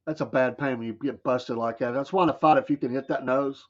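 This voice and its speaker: A man's voice: medium pitch, steady tone, fast talker. A man with a Southern American accent hosting a casual morning show, telling stories in a folksy way and laughing often. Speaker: radio show host. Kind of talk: casual morning show chat, reading chat comments. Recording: dull lo-fi stream audio.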